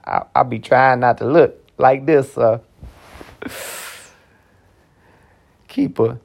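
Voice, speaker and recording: A man's voice: medium pitch, creaky. A man voicing a meek male defendant who pleads with a judge, servile and repeating "sir".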